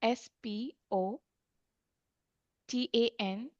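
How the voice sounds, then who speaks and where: A woman's voice: fairly high pitch, fairly even intonation, drawn-out words, a little mellow, no echo. A woman student answering her teacher in an online class, hesitant and unsure. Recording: dull dry video call audio.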